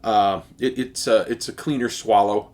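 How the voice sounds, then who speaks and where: A man's voice: lowish voice, fairly even intonation, normal speed, darkish tone. A man giving a casual, enthusiastic beer tasting review, speaking with frequent fillers and restarts.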